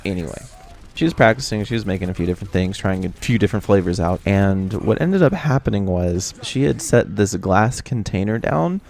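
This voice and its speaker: A young man telling a casual storytime vlog, animated with exaggerated reactions. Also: fairly low pitch, a little fast, creaky. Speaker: video creator.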